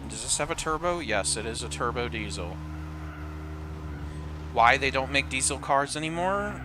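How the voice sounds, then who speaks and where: A man's voice: mid-range voice, expressive, moderate pace, background noise. A man casually commenting while playing a racing game, rambling through asides. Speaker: gameplay commentator. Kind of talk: casual let's-play commentary. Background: car engine sounds from the game.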